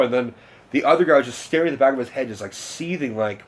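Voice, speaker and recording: A man's voice: medium pitch, fast. A young man, telling a story in a casual, rambling, profane rant to camera. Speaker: vlogger.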